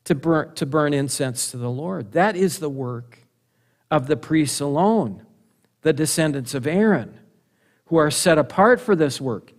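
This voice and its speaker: A man's voice: a little high, expressive, unhurried. A middle-aged man preaching a sermon, earnest and emphatic, with rhetorical questions and repetition.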